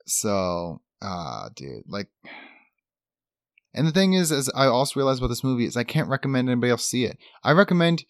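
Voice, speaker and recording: A man's voice: medium pitch, sing-song, fairly quick, dry recording, clean studio sound. A man co-hosting a podcast, talking in an upbeat, rambling way with lots of fillers. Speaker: podcast co-host. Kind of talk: casual chat.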